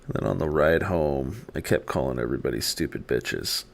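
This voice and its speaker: Casual streamer, male, deep fry-heavy voice, post-surgery, chatty and giggly. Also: expressive, normal speed. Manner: rambling, laughing storyteller. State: just had wisdom teeth removed. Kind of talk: casual live-stream chat.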